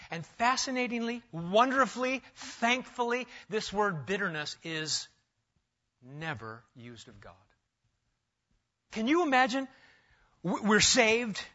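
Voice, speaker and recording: A middle-aged man preaching a sermon, emphatic, rising loud and then dropping to a hush. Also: high voice, very animated, a little slow, pauses often. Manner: emphatic, swings between loud and hushed. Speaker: pastor. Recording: dull lo-fi sound.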